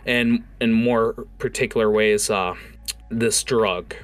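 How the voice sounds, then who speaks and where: A man running a tabletop game as game master, with a somewhat low voice. He narrates in a halting way, stopping often for fillers and self-corrections. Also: steady tone, faint music behind.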